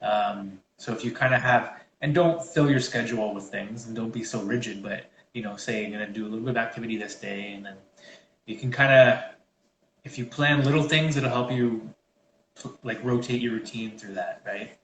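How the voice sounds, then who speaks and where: A man's voice: fairly low pitch, moderate pace, slight background noise. Casual male trainer, echoey room. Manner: rambling, many fillers and restarts. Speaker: fitness trainer co-host. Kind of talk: casual conversational advice.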